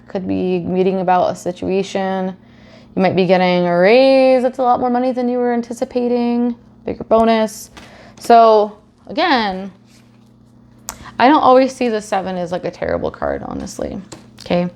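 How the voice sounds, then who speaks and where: A woman's voice: mid-range voice, darkish tone. A young adult woman giving a casual tarot reading, chatty, swearing freely and acting out silly scenarios. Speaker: tarot reader.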